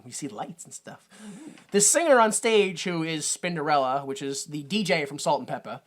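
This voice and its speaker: A podcast co-host talking in a loose, rambling way, full of fillers and wry asides. The pitch swings widely as they recap a film in casual chat. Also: a bit bright.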